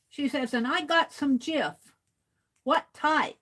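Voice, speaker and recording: High-voiced, unhurried woman livestreamer. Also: expressive, fairly bright tone. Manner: chatty, reads viewer comments aloud, laughs easily. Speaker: art livestream host. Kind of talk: casual livestream chat while drawing.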